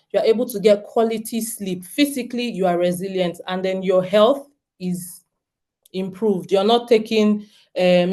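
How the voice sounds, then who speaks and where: A woman's voice: medium pitch, mellow. A Nigerian woman in her thirties giving an earnest, direct talk to homeschooling parents, often turning to the audience with questions. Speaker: homeschooling speaker.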